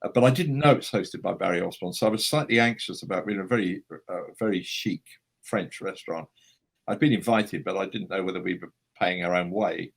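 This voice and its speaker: A male writer is a guest on an interview show and recounts anecdotes in an animated, chatty way. His voice is a little low and husky. He often pokes fun at himself. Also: brisk. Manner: chatty, animated, self-deprecating. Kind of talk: anecdotal storytelling.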